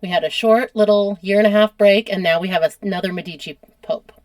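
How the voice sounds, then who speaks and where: A woman's voice: medium pitch, steady tone, quick pace, darkish tone, no echo. An American woman hosting a podcast, telling history in a casual, chatty way and laughing often. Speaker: podcast host.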